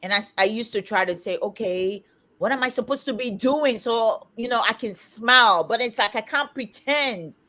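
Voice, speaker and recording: A woman in her fifties hosting a casual livestream chat, talking loudly and emphatically. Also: on the high side, normal speed. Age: 50s. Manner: loud, emphatic and outspoken. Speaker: livestream host.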